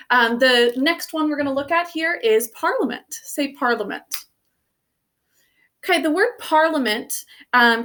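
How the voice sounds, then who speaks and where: A woman's voice: a little high, a bit bright. Patient woman teaching spelling. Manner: patient, sounds out phonograms slowly. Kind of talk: recorded spelling lesson for students.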